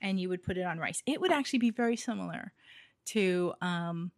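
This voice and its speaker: A woman's voice: lowish voice, lively intonation, brisk, dry recording. Chatty woman with a dry close sound. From Hawaii. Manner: chatty, laughs often, trails off with fillers. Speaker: podcast co-host. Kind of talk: casual chat.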